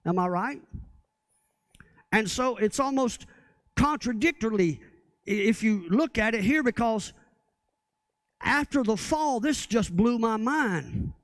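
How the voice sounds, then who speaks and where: A man's voice: extremely high pitch, lively intonation, slow, pauses often, dry recording. A man preaching a sermon as pastor, often asking the congregation rhetorical questions.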